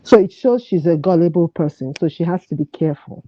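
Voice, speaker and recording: A woman calling in to a talk show, earnestly giving advice with pauses and restarts. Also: lowish voice, lively intonation, mellow, no room sound. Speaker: caller. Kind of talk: call-in advice chat. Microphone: phone call. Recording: dull, lo-fi call audio, dry.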